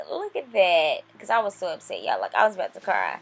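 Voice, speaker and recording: A woman's voice: on the low side, big pitch swings, quick pace, vocal fry, few pauses. A young woman talking viewers through her makeup in a casual, chatty way, addressing them directly as she works. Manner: chatty, talks straight to viewers. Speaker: beauty vlogger. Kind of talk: casual makeup tutorial narration. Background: faint music.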